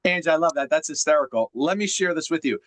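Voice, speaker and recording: A man's voice: on the high side, lively intonation, quick pace, fairly bright tone, no echo, poor audio. A man coaching on a group video call, teacherly and emphatic, firing off rhetorical questions. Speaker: sales coach.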